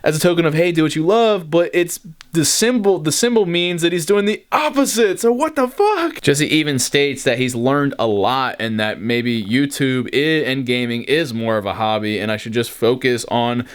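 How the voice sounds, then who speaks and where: Smooth and mid-range, this young man's voice moves at a normal speed as he chats about what went on behind his videos. The YouTuber curses freely and brings quotes to life in animated retellings.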